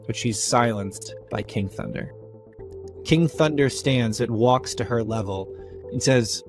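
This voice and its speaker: A man's voice: medium pitch, unhurried, music in the background. A man narrating a tabletop game as game master, telling the story casually with plenty of fillers.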